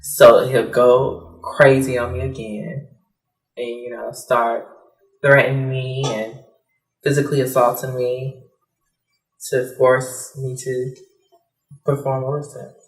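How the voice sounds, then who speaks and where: A woman giving personal testimony in a soft, hesitant way, with many fillers, acting out the lines of others as she recounts. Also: a bass voice, level tone, slow, pauses often, soft background music. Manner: acts out quoted dialogue. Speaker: interviewee. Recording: roomy, mic at a distance.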